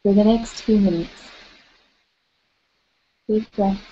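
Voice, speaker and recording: A woman leading a guided tapping session, calling out tapping points and gently coaching listeners through spoken affirmations. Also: medium pitch, steady tone, takes it slowly, dull audio, slight background noise.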